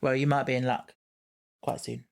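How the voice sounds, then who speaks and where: A man co-hosting a casual podcast, easygoing and chatty. He reads out listener messages and chats with his co-host in an even, mid-height voice. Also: mid-range voice, normal speed, gravelly.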